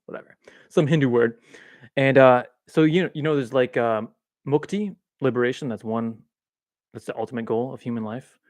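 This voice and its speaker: This home livestream host rambles through casual spiritual talk from a swivel chair, often laughing at himself. He speaks at a normal speed in a mid-range, darkish voice, with a boom-arm mic giving an echo-free sound.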